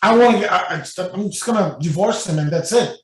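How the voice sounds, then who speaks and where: A man voicing an exasperated woman fed up with her husband, halting and repeating herself, in an echoey room. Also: fairly low pitch, close to an everyday voice. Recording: echoey room, mic at a distance.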